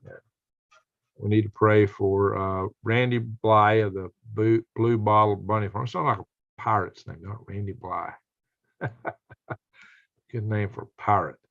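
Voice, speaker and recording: A man's voice: fairly low pitch, steady tone, a little slow, creaky, pauses often, fairly bright tone. A man hosting a casual live stream, reading viewer comments aloud with a folksy, chuckling manner. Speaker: livestream host reading chat. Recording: dull lo-fi stream audio.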